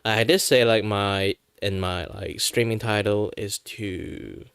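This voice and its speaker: A man's voice: on the low side, fairly even intonation, takes it slowly, gravelly, fairly bright tone, clean tone, dry recording. A young man chatting casually on a stream in a rambling way, with a dry throat. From Malaysia. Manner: rambling, with many fillers and restarts. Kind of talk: casual chat.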